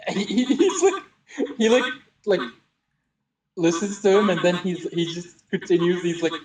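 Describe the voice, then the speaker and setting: Man, casual storyteller, halting delivery, heard from off-mic in a roomy space. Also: sits high, animated, recorded from a distance, slight background noise. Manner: halting, many fillers, laughs often. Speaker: role-play partner.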